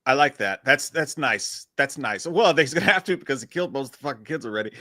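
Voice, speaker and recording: A man's voice: mid-range voice, expressive, quick pace, sharp tone, dry recording, clean studio sound. A man co-hosting a casual live recap chat, blunt and laughing, trading crude banter. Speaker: podcast co-host.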